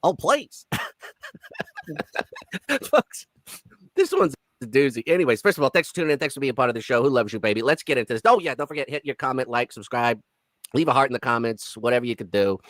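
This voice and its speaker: A YouTube host doing casual reaction commentary in an animated, mocking, jokey way. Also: medium pitch, fairly quick, no echo.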